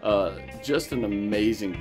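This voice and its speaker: A man's voice: fairly low pitch, measured pace, music in the background. A middle-aged man, a gardening vlogger, chatting enthusiastically through a casual travel vlog.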